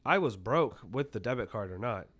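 Young guy on a podcast, swears constantly, tells stories all animated, does everybody's lines. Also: mid-range voice, a little fast, husky. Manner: profane, animated retelling, acting out quotes. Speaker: podcast co-host. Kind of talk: casual storytelling.

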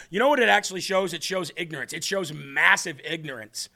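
Scornful high gravelly male host. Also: fairly quick, pushed and bright. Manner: scornful, combative, talks to his co-host. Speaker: political commentary host. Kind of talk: opinionated live stream commentary.

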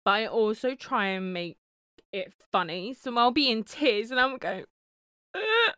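A woman's voice: on the high side, moderate pace, bright, forceful tone, clean tone, dry recording, studio quality. A young British woman co-hosting a podcast, casual and joking, often breaking into giggles. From Britain. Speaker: podcast co-host. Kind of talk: casual chat.

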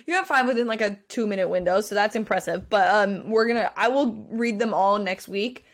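A woman co-hosting a casual podcast, talking in a brisk, teasing way as she runs a quiz game. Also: mid-range voice. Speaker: podcast co-host. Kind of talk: casual chat.

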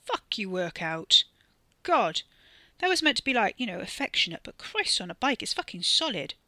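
A man's voice: sits high, animated, normal speed, bright, forceful tone, no room sound, heavily acted. A woman voicing a young man who is brash, jokey and swears freely. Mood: brash joking.

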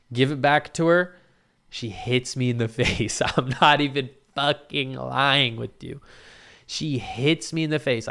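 A young man with a medium-pitched voice and clean tone tells a casual story about a night out. He's animated, swears a lot, and acts out what people said.

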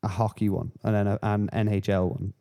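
A man hosting a podcast, rambling through casual, sweary, animated rants. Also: lowish voice, brisk, creaky, smooth. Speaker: podcast host. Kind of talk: casual chat.

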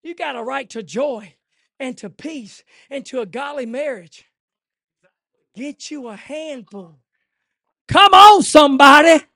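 A man preaching a fervent sermon, swinging from hushed lines to shouting. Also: extremely high pitch, lively intonation, measured pace, creaky, no room sound, studio quality.

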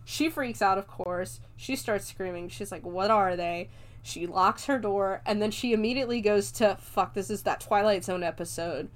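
Woman, movie reviewer, relaxed profane recap, laughs a lot, mid pitch. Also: moderate pace, few pauses. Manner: loose and profane, laughs often, jokes along.

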